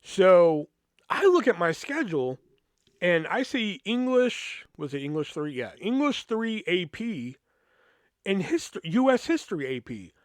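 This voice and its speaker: A podcast host tells a rambling, casual story loaded with swearing and "you know" fillers, acting out the people he quotes in lively voices. His voice is high-pitched at a measured pace, and the dry recording has studio quality.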